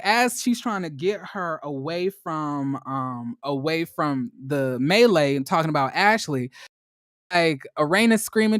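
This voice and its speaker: A man recaps a reality show in a loose, slang-heavy, animated monologue, leaping into high-pitched squeals when imitating quotes. The recording is studio quality with no room sound.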